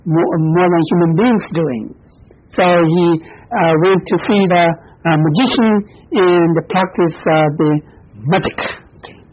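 A man gives a Buddhist dharma talk in halting non-native English, full of fillers and soft chuckles. His voice is husky and breathy, and the recording sounds dull and lo-fi. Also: high-pitched. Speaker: Buddhist teacher.

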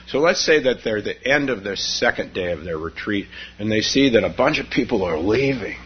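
A man's voice: lowish voice, animated, normal speed, slight background noise. A man teaching meditation on retreat, telling stories in a rambling way with frequent chuckles. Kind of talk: dharma talk on retreat. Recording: dull lo-fi recording.

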